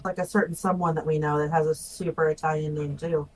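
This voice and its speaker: A woman chats casually as a podcast guest, answering with playful, quick reactions. Her voice sits a little low for a woman. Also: level tone, poor audio.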